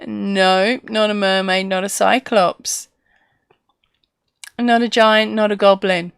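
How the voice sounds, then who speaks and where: A woman's voice: mid-range voice, fairly even intonation, slow pace, vocal fry, clean tone, no room sound, studio quality. A woman hosting a casual live stream, chatty and laughing often as she reads out viewer comments.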